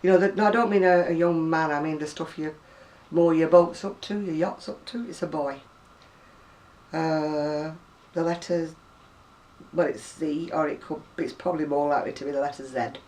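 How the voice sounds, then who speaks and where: A low-pitched woman in her sixties, a home video blogger from Lancashire, reads out words one by one in a chatty video reply. Her Oldham-area accent has been softened by years near Manchester, and she rambles conversationally with asides and self-corrections, her voice a little distant from the microphone.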